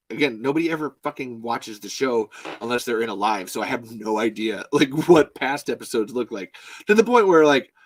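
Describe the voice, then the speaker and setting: Rambling and cursing without restraint, a podcast host talks animatedly on a casual live show recorded on his home mic. He has a mid-range voice; the audio is rough, with no echo.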